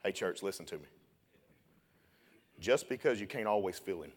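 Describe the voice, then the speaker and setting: A young man preaching a sermon, telling a story and then building to loud, shouted preaching. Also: low-pitched, animated, moderate pace.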